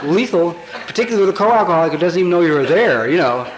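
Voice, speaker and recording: A man's voice: high voice, big pitch swings, rapid-fire, slight background noise. A man in his fifties telling his story at a recovery convention, blunt, wry and emphatic, with the odd curse for punch. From Colorado, USA. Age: 50s. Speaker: recovery speaker. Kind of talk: comic confessional storytelling speech. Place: large convention hall with audience. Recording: echoey 1980s convention hall tape.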